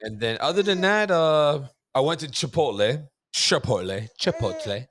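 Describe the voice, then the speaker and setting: A man co-hosting a podcast, telling relaxed, joking anecdotes in casual chat. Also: fairly high pitch, moderate pace, no room sound, studio quality. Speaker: podcast co-host.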